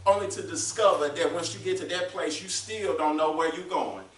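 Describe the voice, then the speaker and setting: High-voiced man preaching in an echoey church. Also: lively intonation, normal speed, fairly bright tone, a little hiss or hum. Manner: preaching with call-and-response questions. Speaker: pastor. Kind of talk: sermon. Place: church sanctuary. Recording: roomy echo, mic at a distance.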